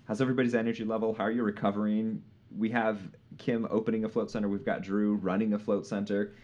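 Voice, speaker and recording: A relaxed man hosts a live podcast with a fairly low voice. He chats loosely with his guests, laughs easily and leans on "uh" while he thinks. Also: fast, dull audio. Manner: easygoing, laughs often, many "uh" fillers. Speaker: podcast host. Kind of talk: casual live podcast chat.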